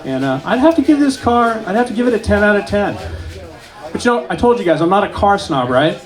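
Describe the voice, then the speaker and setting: A man in his late forties performing a stand-up set at an open mic, telling stories in a deadpan way with self-aware asides. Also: sits high, a little fast. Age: 40s. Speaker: stand-up comedian. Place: small club stage with live audience.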